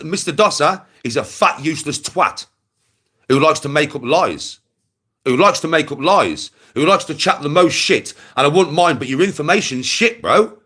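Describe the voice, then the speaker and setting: A man's voice: a little high, a bit bright, slightly rough. A young man ranting aggressively to his livestream viewers, swearing and repeating himself. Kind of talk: angry rant to camera.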